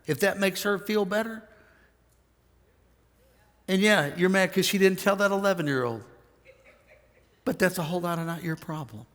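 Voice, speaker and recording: A male pastor preaching in a relaxed, storytelling way, slipping into quick impressions of the people in his stories. His voice sits a bit high for a man, and a long hall reverb trails behind each phrase from the big church room. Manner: storytelling, animated quoting of others. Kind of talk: conversational sermon.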